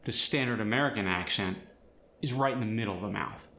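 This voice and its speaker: Bright-voiced man teaching an accent. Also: lowish voice, brisk, gravelly, roomy sound. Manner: demonstrates example phrases in a put-on accent. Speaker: accent coach. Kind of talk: scripted accent lesson.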